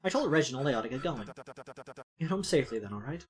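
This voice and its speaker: A woman voicing a hurt, sensitive goth girl narrating a visual novel in a quiet, subdued way. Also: a bass voice, animated, fast, pitched below the performer's own voice.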